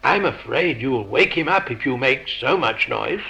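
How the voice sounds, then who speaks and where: A man's voice: mid-range voice, animated, normal speed, gravelly, bright, forceful tone, muffled recording, voice pushed down. A man reading aloud the lines of an indignant, earnest young girl, quoted from a story in his own lecturing voice.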